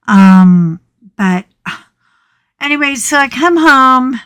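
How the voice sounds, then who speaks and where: Slow-talking chatty woman, dry close sound. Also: medium pitch, no room sound. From United States. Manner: chatty, animated storytelling with dramatic retellings. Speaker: craft vlogger. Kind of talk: casual storytelling chat. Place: small home craft room.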